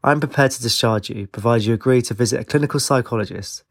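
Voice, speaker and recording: A man's voice: mid-range voice, fast talker, vocal fry, fairly bright tone, no room sound, clean studio sound. A man reading a story, voicing a disapproving senior doctor in a dull, abrupt tone. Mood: stern.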